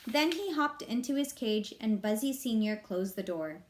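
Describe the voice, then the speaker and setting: A woman reading a children's novel aloud, with expressive, lively narration. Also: mid-range voice, moderate pace. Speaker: reader.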